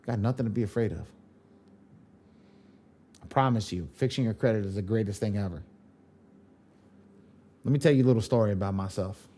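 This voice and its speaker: A man's voice: lowish voice, fairly quick, long pauses, mellow. A man leading a live online training class on credit repair, emphatic, repeating his points and swearing casually.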